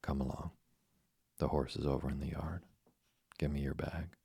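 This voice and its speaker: A man's voice: extremely low pitch, fairly even intonation, moderate pace, gravelly, dark tone, breathy edge, full character voice. A man voicing a shy, awkward middle-aged farmer who speaks briefly in a storybook reading.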